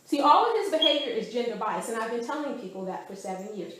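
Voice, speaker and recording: A woman's voice: fairly high pitch, quick pace. A woman recounting events in a conversational interview, telling her story with animation and acting out what others said. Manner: animated storytelling, often acting out quoted speech. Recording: very echoey room, faint background ambience.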